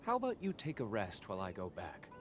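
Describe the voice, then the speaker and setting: An actor voicing a calm, dutiful townsman in a video game, with an even, measured delivery. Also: on the low side. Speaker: game character. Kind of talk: game voice acting. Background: game music.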